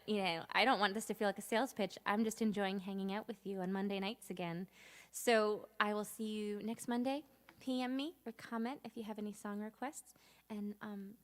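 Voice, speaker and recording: A woman's voice: mid-range voice, fairly bright tone. A woman in her thirties from Cape Cod, talking casually to viewers on a live stream between songs, chatty and rambling, with no strong regional accent. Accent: General American (no Massachusetts accent). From Cape Cod, Massachusetts. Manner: chatty, rambling, self-deprecating, reads out viewer comments. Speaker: singer-songwriter.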